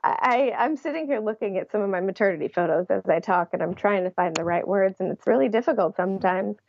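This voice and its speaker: A woman's voice: medium pitch, quick pace, gravelly, muffled recording, a little hiss or hum. A young adult woman, an interview guest, telling her story in a casual way and laughing often. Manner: laughs often while recounting.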